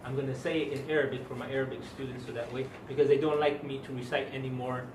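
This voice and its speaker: A man's voice: mid-range voice, level tone, fast talker, distant mic, noisy background. A man teaching a religious lesson to a class of students, emphatic and quizzing them with questions as he goes. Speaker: Islamic teacher. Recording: echoey room recorded from afar.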